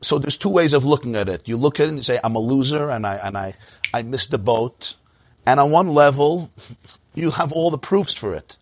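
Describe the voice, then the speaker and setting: A man's voice: mid-range voice, expressive, a little fast. A man talking reflectively in conversation, teaching and explaining terms as he goes.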